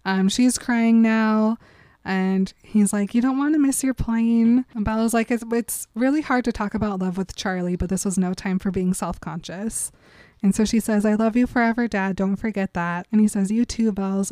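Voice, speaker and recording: A woman's voice: mid-range voice, steady tone, moderate pace, mellow, dry recording. Chatty giggly woman recapping a book. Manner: chatty, giggly storytelling with lots of "like". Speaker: podcast co-host. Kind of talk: casual book recap chat.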